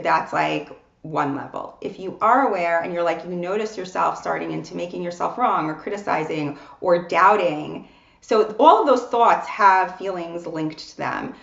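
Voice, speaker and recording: Woman podcast coach, gravelly voice, roomy dull-sounding recording, earnest and emphatic. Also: mid-range voice, a bit bright. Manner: earnest, emphatic, repeats words for stress. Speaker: co-host and coach. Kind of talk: casual conversational podcast.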